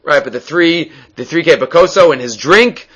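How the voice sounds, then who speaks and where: A man leads a Talmud lesson in a fairly high voice. He explains the text step by step, pausing on fillers and restarting his sentences as he goes. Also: lively intonation, fairly bright tone. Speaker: Talmud teacher. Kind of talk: Talmud lecture.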